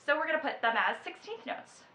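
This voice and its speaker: A woman's voice: sits high, big pitch swings, a little fast, sharp tone. A woman teaching a children's music lesson. She counts in and chants the rhythm words in time. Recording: echoey room, slightly dull sound.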